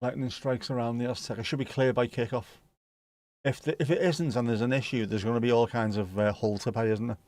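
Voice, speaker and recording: A man's voice: medium pitch, steady tone, quick pace, darkish tone, dry recording. A man hosting a football watch-along stream, chatting casually and joking as he reads viewer comments.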